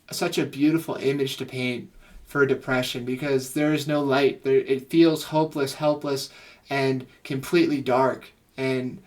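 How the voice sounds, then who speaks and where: Earnest, gushing male therapist reacting. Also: medium pitch. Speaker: psychotherapist reacting to music. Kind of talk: reaction commentary.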